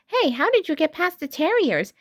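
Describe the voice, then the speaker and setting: A patient teacher dog speaks calmly and encouragingly in a high, gentle voice, as a woman reading a storybook aloud puts her on. The recording is dry and close. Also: normal speed, dry recording.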